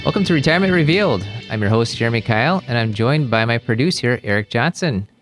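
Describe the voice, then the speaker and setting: A man's voice: mid-range voice, animated, fast talker, over music. A middle-aged man hosting a podcast, upbeat and friendly in his banter with guests. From Maryland. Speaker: host.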